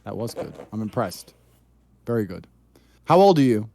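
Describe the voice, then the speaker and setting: A middle-aged man guesting on a casual stream chat, teasing in a deadpan way. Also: lowish voice, normal speed, vocal fry.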